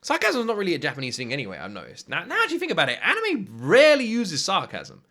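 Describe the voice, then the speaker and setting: A British man hosting an anime reaction, talking in an animated, swearing, off-the-cuff way. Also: high-pitched. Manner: animated, swears freely, quick asides and laughs. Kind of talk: casual reaction commentary.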